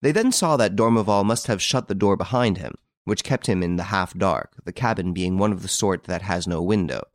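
A man narrating an audiobook in a scripted, expressive storytelling manner. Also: low voice, fairly quick, dry recording, clean studio sound.

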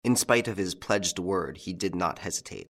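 A man narrating a mystery novel in measured, dramatic scripted narration. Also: low-pitched. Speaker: audiobook narrator.

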